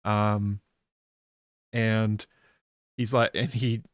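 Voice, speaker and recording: A man's voice: lowish voice, flat delivery, extremely slow, clean tone, no echo, studio quality. A man hosting a podcast, recapping a TV episode in a rambling, casual way with lots of filler words. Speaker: podcast host.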